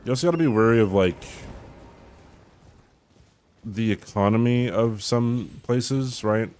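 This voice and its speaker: A man's voice: mid-range voice, a little slow, darkish tone, a little hiss or hum. A man streaming a game, chatting casually with his viewers in a rambling way, swearing and laughing as he reads the chat.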